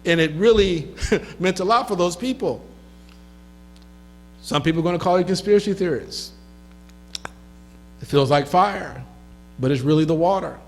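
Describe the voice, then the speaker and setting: A man's voice: high voice, animated, slight background noise, poor audio. A man giving a lecture in a mosque, reading Arabic texts and translating them into English with loose spoken asides. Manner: reads hadith in Arabic and translates into English, with asides and a quick laugh.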